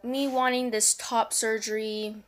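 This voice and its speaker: A woman's voice: fairly high pitch, level tone, unhurried, slight background noise. A teenager with a female voice, talking in a personal confessional vlog in a subdued, hesitant, rambling way with lots of fillers and restarts. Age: teens. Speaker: vlogger.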